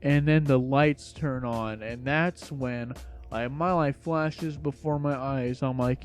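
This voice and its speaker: Young man, casual storytime, slangy and rambling, mellow dark voice, faint music behind. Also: medium pitch, measured pace. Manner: slangy, laid-back rambling.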